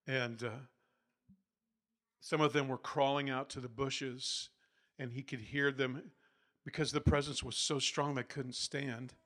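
A man preaching a sermon, telling revival stories and building up to loud, emphatic peaks before settling back down. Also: medium pitch, little pitch movement, measured pace, long pauses. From United States. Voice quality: not soft-spoken. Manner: storytelling, builds to loud emphatic peaks, laughs between points. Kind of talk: sermon storytelling.

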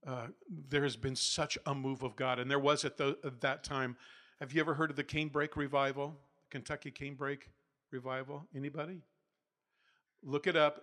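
A man preaching with a bright, forceful edge, his voice sitting a little higher than most. He tells revival stories in a loose, storytelling way and climbs to loud, emphatic peaks. He admits he is not a soft-spoken teacher. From United States. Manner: storytelling, builds to loud emphatic peaks, laughs between points. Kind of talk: sermon storytelling.

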